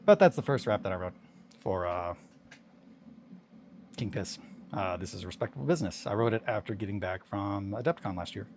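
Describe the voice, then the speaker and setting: A man's voice: lowish voice, fairly quick, long pauses, a little mellow, slight background noise. A man streaming a casual hobby chat, rambling and chatty, swearing casually.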